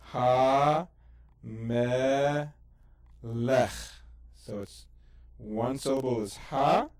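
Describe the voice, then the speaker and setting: A man's voice: mid-range voice, darkish tone. A man teaching the Hebrew alphabet as host, patiently sounding out syllables and explaining letters in an easy, casual way with fillers. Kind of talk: educational lesson.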